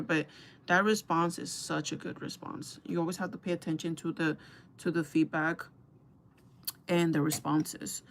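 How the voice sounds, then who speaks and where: A woman's voice: lowish voice, a bit bright. A young woman chatting casually to her viewers while doing her makeup, gossipy and talkative, calling them girl and guys. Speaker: beauty vlogger.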